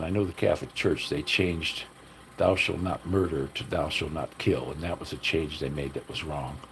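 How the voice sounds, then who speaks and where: A man's voice: sits low, a little hiss or hum, low-quality recording. An older man chatting casually on a livestream, telling loose, profane, folksy stories to viewers. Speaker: livestream host. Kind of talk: casual rambling chat to live viewers.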